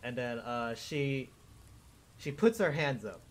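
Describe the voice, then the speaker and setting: A man narrating a tabletop game as dungeon master, slow and hesitant with restarts. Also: medium pitch, expressive.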